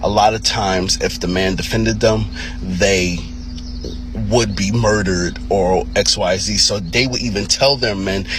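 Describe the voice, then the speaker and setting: A man's voice: fairly low pitch, moderate pace, background noise. A man giving emphatic, repetitive commentary with many restarts.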